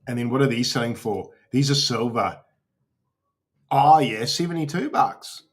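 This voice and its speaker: A man's voice: medium pitch, animated, a little slow. A man hosting a casual crypto livestream, swearing freely and talking to his chat as he browses.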